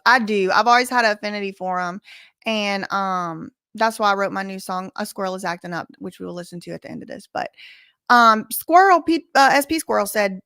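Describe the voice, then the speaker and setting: A woman's voice: mid-range voice, a bit bright, clear, resonant tone, dry recording, clean studio sound. A woman hosting a live reaction stream, talking in an emphatic, profane and defiant way.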